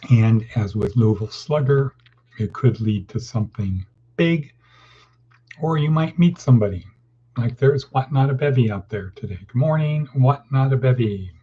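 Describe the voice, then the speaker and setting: A man's voice: medium pitch, expressive, moderate pace, breathy edge. A man from California hosting a casual morning motivational talk, rambling and folksy as he jumps from topic to topic. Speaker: host of a daily motivational session. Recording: dull lo-fi sound.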